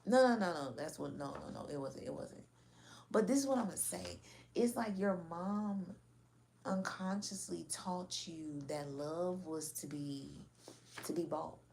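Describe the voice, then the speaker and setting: A woman's voice: on the low side, unhurried, gravelly, a little mellow, a little hiss or hum. A woman giving a casual spoken reading in a blunt, slangy, frank manner. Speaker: tarot reader.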